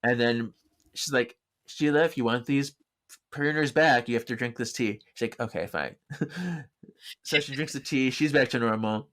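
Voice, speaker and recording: A man hosting a podcast, casually recapping a story with frequent laughter and quick acted-out lines of dialogue. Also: mid-range voice, fairly bright tone. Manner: chatty, laughs often, acts out characters' lines in quick bursts. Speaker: podcast host.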